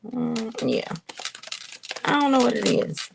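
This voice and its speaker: A woman giving a casual spiritual reading to her viewers, thinking aloud with drawn-out hums and pauses and talking to them in a colloquial, direct way. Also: on the high side, sing-song, vocal fry, background noise. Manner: colloquial, addresses viewers as y'all. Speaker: intuitive reader.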